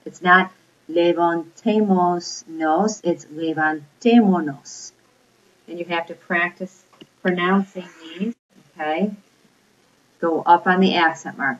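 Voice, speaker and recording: A woman with a fairly low voice leads a grammar lesson, patient and explanatory, checking in with her listeners as she goes. The recording is dull and lo-fi. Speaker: Spanish teacher. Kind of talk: recorded classroom lecture.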